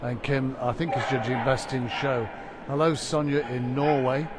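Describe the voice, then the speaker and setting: A man's voice: mid-range voice, little pitch movement, moderate pace, very noisy. Chatty man presenting a dog show stream. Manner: chatty, reads out viewer greetings. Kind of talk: live dog show commentary.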